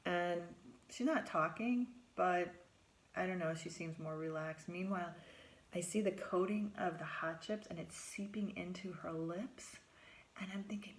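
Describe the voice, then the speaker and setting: A middle-aged woman, a therapist, telling a first-person story, acting out her own lines in a higher voice and dropping to a whisper for her inner thoughts. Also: a little slow, slight background noise.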